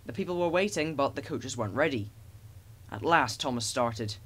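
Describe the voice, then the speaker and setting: A man narrating a children's storybook with expressive, animated storytelling. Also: mid-range voice, normal speed, slightly rough. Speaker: audiobook narrator.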